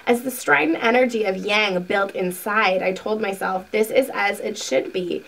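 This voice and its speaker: A woman hosting a spiritual video, reading a book passage aloud slowly and earnestly, then talking casually to her viewers. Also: medium pitch, vocal fry, distant mic, rough recording. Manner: slow, soft, earnest reading with asides.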